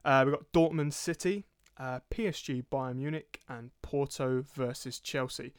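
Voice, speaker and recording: Brief: young podcast co-host, jokey and sweary, dry close-miked sound. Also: male voice, medium pitch, moderate pace, smooth, dry recording. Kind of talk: casual football podcast chat.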